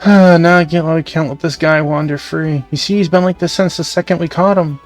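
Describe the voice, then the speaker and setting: A man streaming a game, reading the dialogue aloud in a casual, brisk way. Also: a little high, steady tone, faint music behind. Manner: casual, brisk, reads every part.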